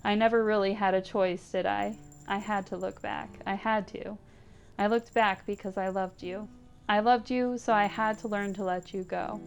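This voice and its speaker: Woman reading as a sad lady saying bye to her old cat, soft and pleading, bit of fry. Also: mid-range voice, steady tone, normal speed, soft background music, natural voice. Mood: sorrowful. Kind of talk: reading visual novel text aloud.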